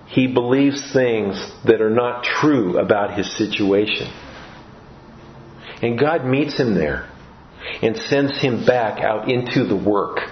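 A man's voice: medium pitch, a little hiss or hum. A man preaching a sermon in a church, earnest and given to restarts and repeated words. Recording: roomy, dull-sounding recording.

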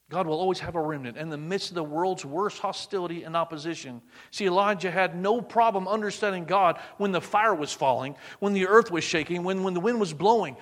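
A man preaching a sermon, swinging between loud emphatic bursts and hushed, near-whispered lines. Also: high-pitched.

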